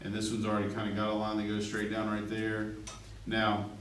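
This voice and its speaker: A man's voice: lowish voice, completely flat delivery, fairly quick, fairly bright tone. A male art teacher, chatty and joking as he demonstrates a drawing and checks in with his class. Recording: echoey classroom from far off, faint room noise.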